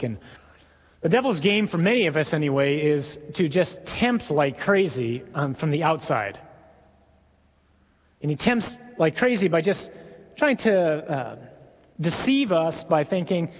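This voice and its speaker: Husky-voiced male preacher in a reverberant hall. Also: fairly high pitch. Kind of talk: sermon-style talk.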